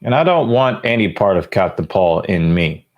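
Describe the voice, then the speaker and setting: A man's voice: low-pitched, very animated, moderate pace, lo-fi sound. A young man hosting a casual podcast, trading crude jokes with his co-host. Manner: joking, crude banter.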